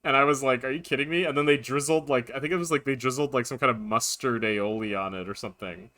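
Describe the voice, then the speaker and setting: A man streaming a video game live, chatting casually and rambling through animated anecdotes. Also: mid-range voice, fast talker.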